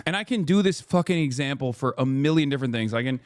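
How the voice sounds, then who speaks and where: A man's voice: medium pitch, expressive, fast talker, no echo, studio quality. A man streaming a reaction video, ranting casually and emphatically, swearing often and checking in with "okay?". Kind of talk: casual profane rant.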